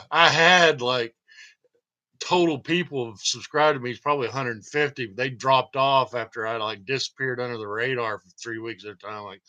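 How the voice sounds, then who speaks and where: A man's voice: mid-range voice, a little slow, long pauses, sharp tone. A man hosting his own channel, rambling and joking through a casual livestream monologue and laughing often. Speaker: channel host.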